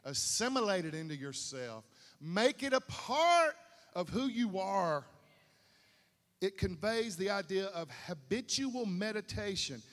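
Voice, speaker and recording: A man's voice: sits high, sing-song, unhurried, fairly bright tone. A man preaching a sermon, folksy and repetitive, building to emphatic peaks. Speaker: pastor. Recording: long hall reverb.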